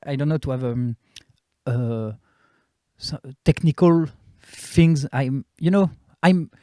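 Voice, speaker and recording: Halting French-accented man, fairly high voice. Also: warm tone, no room sound, studio quality. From France. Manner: halting, searching for English words. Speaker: comedian and guest. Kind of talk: casual interview chat.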